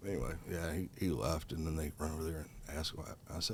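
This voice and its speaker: A man's voice: a bass voice, fast, few pauses, slight background noise. A middle-aged man telling a story as a podcast guest, swearing freely and heated as he talks. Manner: profane, heated, animated. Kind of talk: casual storytelling.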